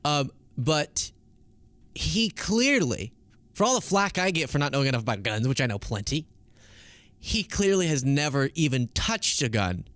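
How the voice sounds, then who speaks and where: A man's voice: fairly high pitch, very animated, moderate pace, a bit bright, dry recording. A man hosts a casual political commentary stream in an emphatic, argumentative tone. He leans into sarcasm as he builds his case.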